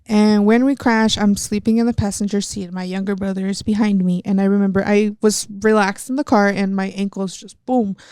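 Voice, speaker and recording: A woman's voice: medium pitch, steady tone, brisk, few pauses, a little mellow, clear, resonant tone, dry recording. A young woman from Texas, a professional wrestler, telling a personal story step by step in a candid interview. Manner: earnest, retelling events step by step.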